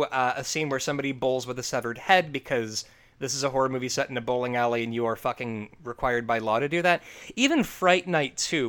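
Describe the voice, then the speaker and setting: A man hosting a casual movie review chat, talking in an animated, profane way and laughing often. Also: mid-range voice. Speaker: podcast host.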